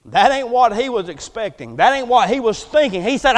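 Male pastor, very high voice, folksy and joking, builds to booming emphasis; long church-hall reverb. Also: sing-song, moderate pace, few pauses. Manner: folksy, joking preaching that swells to loud emphatic declaration. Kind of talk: sermon. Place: church sanctuary.

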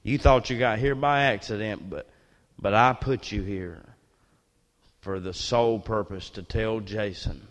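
A man preaching a sermon as personal testimony, earnest storytelling that drops to near hushes and rises again. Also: fairly low pitch, unhurried, big-room sound.

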